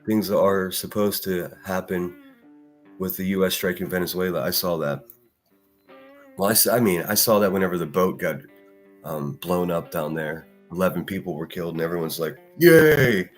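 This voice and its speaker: A man's voice: low voice, steady tone, normal speed, faint music behind. A man hosting a solo live stream, ranting with heavy profanity and answering chat comments. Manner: profane, heated, combative. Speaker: live-stream podcast host.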